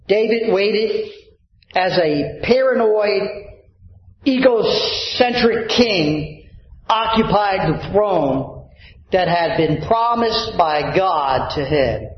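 High-voiced pastor preaching slowly. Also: male voice, lively intonation, echoey room, muffled recording. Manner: preacher's cadence, stretching key words and calling for amens. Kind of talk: sermon. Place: church sanctuary.

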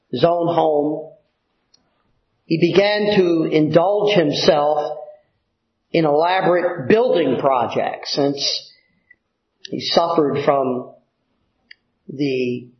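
A man preaching a sermon, teaching slowly and deliberately with pauses and filler words. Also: on the high side. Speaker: pastor. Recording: echoey room, dull lo-fi sound.

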